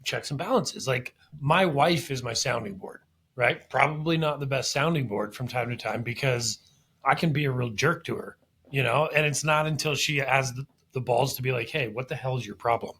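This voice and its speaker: A man's voice: mid-range voice, normal speed, fairly bright tone, husky. A man hosting a podcast interview, chatting casually and enthusiastically, tying what he hears back to his own daily life. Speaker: podcast host.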